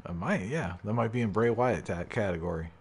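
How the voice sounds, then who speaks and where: A man co-hosting a podcast, chatting casually about wrestling with dry jokes and quick asides. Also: lowish voice, husky. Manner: dry, joking asides and mock-quoted lines. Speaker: podcast co-host.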